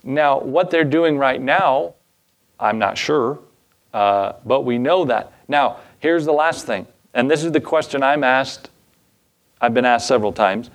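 A man's voice: mid-range voice, unhurried. A male pastor preaching a sermon in a casual, folksy way, with asides and chuckles.

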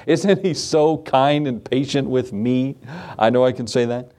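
A male pastor delivering an evening sermon in an easy, talkative manner. He leans on rhetorical questions, little laughs and asides to the congregation. His voice sits at an ordinary middle pitch, swinging up when he stresses a point and sinking low as phrases trail off. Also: fairly even intonation, a little slow. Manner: conversational preaching with rhetorical questions and soft laughs.

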